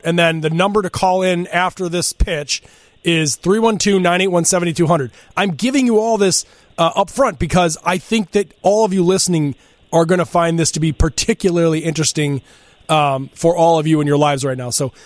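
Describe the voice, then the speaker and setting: A man's voice: on the high side, no room sound. A man hosting a radio talk show, chatting casually and laughing easily.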